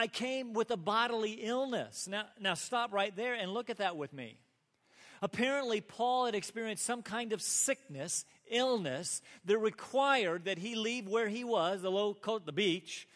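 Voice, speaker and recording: A high-pitched male pastor delivering a sermon with earnest conviction, swinging between emphatic peaks and hushed asides. His voice carries a long hall reverb. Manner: earnest preaching, rising to emphatic peaks and dropping to soft asides.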